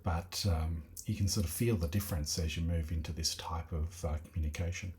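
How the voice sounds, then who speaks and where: A man's voice: low voice, fairly even intonation, brisk, a little mellow, slight background noise. A man hosting a reaction video, commenting casually on a talk and thinking aloud as he goes. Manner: thinking aloud, many fillers and restarts.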